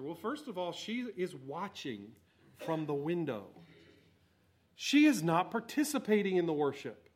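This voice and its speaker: A man preaching a sermon, swinging between loud exhortation and quiet asides. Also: on the high side, sing-song, a little slow, slightly rough. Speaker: pastor.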